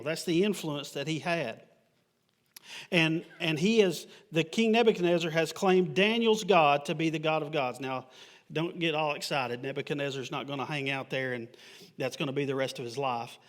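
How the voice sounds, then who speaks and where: A man with a somewhat high voice preaches a sermon to a church congregation. He reads scripture aloud and then explains it with emphatic pushes. Now and then he tosses the congregation an offhand, joking question. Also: fairly bright tone. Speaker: pastor. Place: church sanctuary.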